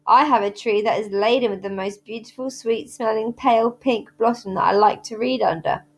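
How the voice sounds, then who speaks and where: A dramatic, imaginative young storybook girl with red pigtails, voiced by a woman reading aloud. She gushes in flowery, theatrical rushes, her voice sitting somewhat high. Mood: gushing. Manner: flowery, theatrical, rushing talk.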